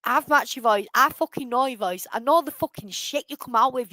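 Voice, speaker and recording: A woman's voice: sits high, a little fast, few pauses, pushed and bright, dry recording, poor audio. A woman on a live stream, ranting angrily and swearing heavily as she reacts to a clip. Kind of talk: angry live-stream rant.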